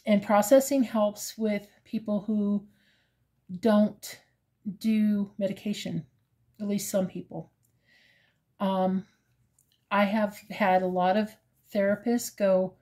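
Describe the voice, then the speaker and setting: A woman in her fifties, talking in a casual personal vlog with a hesitant, halting manner full of fillers, earnest and openly emotional. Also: mid-range voice, level tone, dark tone. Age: 50s. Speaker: crochet vlogger.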